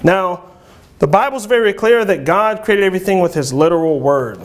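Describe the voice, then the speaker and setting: A man preaching an earnest, halting sermon in a church, with frequent fillers and restarts. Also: high-pitched, lively intonation. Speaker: lay preacher.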